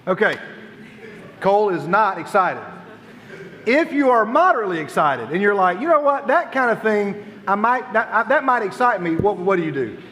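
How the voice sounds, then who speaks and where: A man hosting a youth group night, joking with the crowd in playful, animated stage banter. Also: sits high, moderate pace. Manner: jokey and animated, laughs often. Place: large hall with audience. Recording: long hall reverb.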